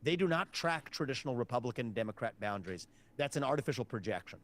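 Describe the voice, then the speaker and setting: A male political candidate answers interview questions in a measured, assertive way. He lays out his points steadily and firmly. The clip plays inside a stream. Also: mid-range voice, expressive.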